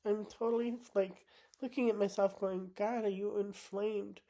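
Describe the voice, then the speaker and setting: A woman vlogging while sick, talking through a tarot card reading in a halting way, with many pauses and restarts. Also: mid-range voice, steady tone, warm tone. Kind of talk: casual spoken vlog.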